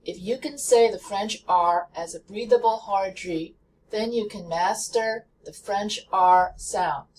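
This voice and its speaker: A woman teaching pronunciation at a slow, careful pace, drilling each sound over and over. Her voice sits at a middle pitch and comes from a little way off the mic. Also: recorded from a distance, a little hiss or hum, poor audio. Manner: slow, deliberate, repeats sounds for practice. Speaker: language teacher. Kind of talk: pronunciation lesson.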